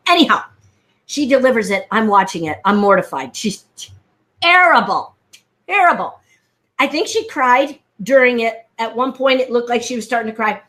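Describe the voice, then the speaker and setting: A woman speaking coach telling stories on a live video call over a headset mic, lively and animated, acting out the people she quotes. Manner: fast, lively storyteller, acts out quotes in a high voice. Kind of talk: animated live-stream chat.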